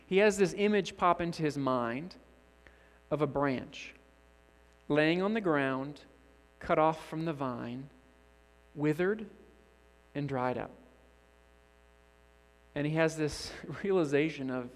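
A man's voice: on the high side, measured pace. A man preaching a sermon as a guest preacher, telling a story and acting out the characters' lines. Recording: long church reverb.

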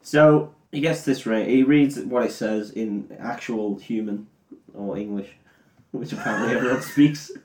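A man's voice: mid-range voice, unhurried, darkish tone. Male podcast co-host, rambling and sweary, roomy echo. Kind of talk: comic plot retelling.

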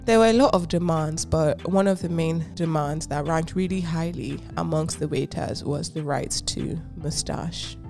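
A woman's voice: sits low, normal speed, creaky, few pauses, a little mellow, faint music behind. A woman co-hosting a podcast, chatting casually, teasing and reading from her notes. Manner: laughing, teasing, reads notes aloud. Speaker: podcast co-host. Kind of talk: casual chat.

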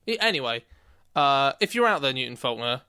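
Male co-host, bright tone, dry sound, rambly and jokey. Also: medium pitch, big pitch swings, fairly quick, clean tone, no room sound. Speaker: podcast co-host. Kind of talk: casual chat.

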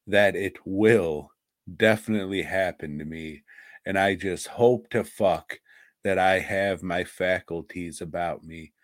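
Brief: male podcast co-host, low voice, unhurried, profane and blunt, dry close sound. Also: dry recording. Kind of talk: casual podcast chat.

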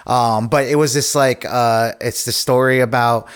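A man's voice: medium pitch, fairly even intonation, unhurried, smooth. A young adult man, an actor talking casually as a podcast guest, rambling with lots of "like" and "you know".

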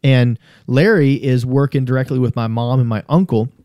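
Man, podcast guest, mellow dark voice, dry close sound, profane, rambling, earnest. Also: mid-range voice, normal speed, no room sound. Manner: swears freely, rambling and earnest. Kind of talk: casual conversational storytelling.

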